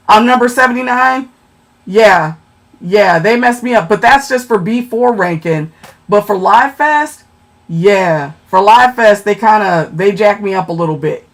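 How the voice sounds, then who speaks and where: A woman hosting a casual livestream, chatting with viewers, answering them by name and often checking in with "okay?". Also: a little high. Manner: chatty, keeps tagging lines with "okay?". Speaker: livestream host.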